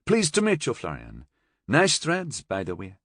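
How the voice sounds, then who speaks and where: A man voicing an older, relaxed, genial musician who talks in an easygoing, gently teasing way. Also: medium pitch, unhurried, no echo, studio quality, voice pushed up, heavily acted.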